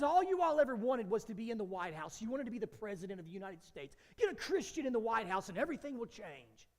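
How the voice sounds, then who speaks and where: Speaking at a quick pace with few pauses, a high-voiced pastor preaches animatedly and acts out biblical characters' voices while telling the story. His voice rings through a long hall reverb.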